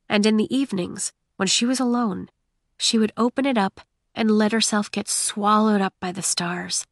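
Female audiobook narrator, mid pitch, dry studio sound. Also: no room sound.

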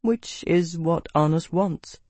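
A man voicing a composed young male knight commander with a measured, precise, dry manner. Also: a little high, big pitch swings, a little mellow, no room sound.

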